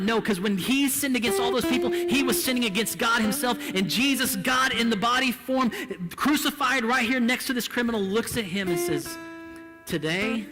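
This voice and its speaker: A male pastor preaching a sermon in a church, impassioned and swinging between hushed and loud delivery. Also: very high-pitched, big-room sound.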